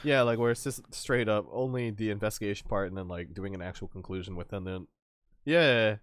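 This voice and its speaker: A man's voice: on the low side, brisk, no echo, studio quality. A man hosting a stream, chatting casually and laughing often between rambling, restarting sentences. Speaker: streamer host. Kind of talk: casual chat.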